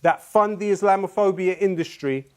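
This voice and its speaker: A man guest on a televised debate, making his point in a measured, persistent way and citing sources. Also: sits high.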